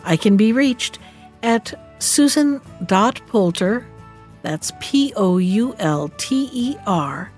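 A woman host reading a fairy tale aloud in a calm, measured storybook manner. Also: mid-range voice, soft background music.

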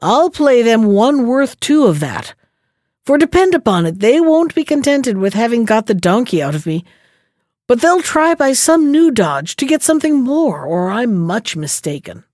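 A man's voice: very high voice, very animated, moderate pace, a little mellow, dry recording, studio quality. A woman voicing a shrewd, stubborn old peasant man in a storybook reading, speaking plainly and indignantly. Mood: scheming.

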